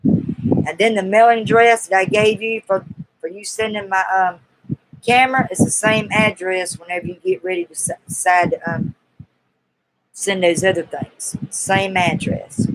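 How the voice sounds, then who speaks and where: A woman's voice: mid-range voice, lively intonation, normal speed, rough recording. A woman with a Southern US accent hosting a casual live-stream Q&A, chatty, folksy and teasingly coaxing her viewers.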